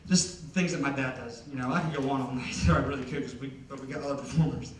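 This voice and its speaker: A man's voice: mid-range voice, fairly even intonation, fast talker, a little hiss or hum. A man in his twenties doing stand-up comedy, rambling and chatty with lots of "like". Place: concert hall. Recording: roomy hall from a distance.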